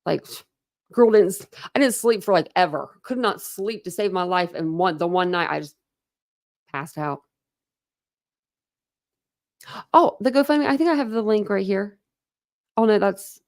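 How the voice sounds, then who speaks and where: A woman's voice: mid-range voice, lively intonation, normal speed, vocal fry, pauses often. A woman from Ohio hosting a casual livestream chat, talking in a chatty, rambling way with many fillers. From Ohio, USA. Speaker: livestream host.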